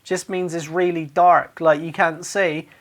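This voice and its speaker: A man with a Cornish accent, a radio DJ, doing a comic monologue where he reads out sayings and throws in loud, exaggerated dialect phrases. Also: on the high side, level tone, measured pace.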